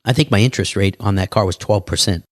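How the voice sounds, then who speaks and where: A man telling stories as a podcast guest in an animated, casual way, acting out other people's lines. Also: on the low side, fast, no room sound, studio quality. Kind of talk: casual interview storytelling.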